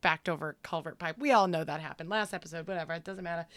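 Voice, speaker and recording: A woman co-hosting a podcast in casual chat, loud and quick to swear and laugh. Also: lowish voice, dry recording, studio quality. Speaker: podcast co-host.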